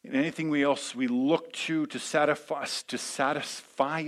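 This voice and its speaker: A man preaching a sermon as a pastor, conversational with many fillers, swinging from hushed asides to loud, emphatic peaks. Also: a little high, fairly even intonation, normal speed, hardly any pauses.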